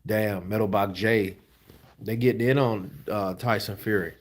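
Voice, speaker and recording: Low-key, tired, low-voiced man. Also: fairly even intonation, a little slow. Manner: slangy, laid-back, trailing off. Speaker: host of a boxing news channel. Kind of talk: casual commentary reading viewer comments.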